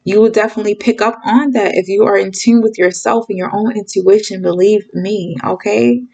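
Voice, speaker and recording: The recording is rough, and the woman's mid-range voice has a gravelly texture. She hosts a channel as a spiritual reader, giving viewers straight-talking tough-love advice in a casual monologue full of "okay?" and "you guys." When excited she speeds up, and she impersonates the voices she quotes.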